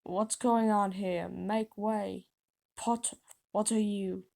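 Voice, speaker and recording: A grumpy old male caretaker who barks gruff threats, as a woman reading her story puts him on. His voice comes out low, mellow and gravelly. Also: fairly even intonation, slow pace. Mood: angry.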